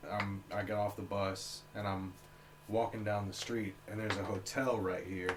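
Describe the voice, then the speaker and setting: A man's voice: lowish voice, little pitch movement, moderate pace, noisy background. Laid-back man from Alabama. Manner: laid-back storyteller, swears freely. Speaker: podcast co-host. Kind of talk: casual storytelling.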